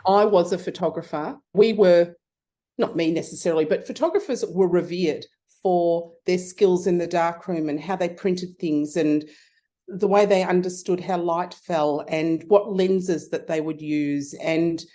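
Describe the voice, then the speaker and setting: A middle-aged Australian woman spins animated anecdotes in a relaxed interview chat, stumbling and restarting as she goes. Her voice sits low and mellow, with a warm, dark tone. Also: a little slow. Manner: lively, animated anecdote telling with frequent restarts. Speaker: guest, photography consultant. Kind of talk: casual storytelling interview.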